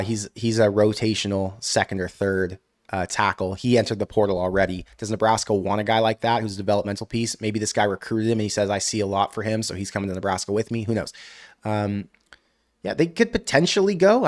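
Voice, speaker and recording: A man hosting a live college football stream, reading viewer comments aloud and answering with animated rants. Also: lowish voice, brisk. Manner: ranting, animated outbursts; frequent "I don't know" hedging. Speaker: college football show host.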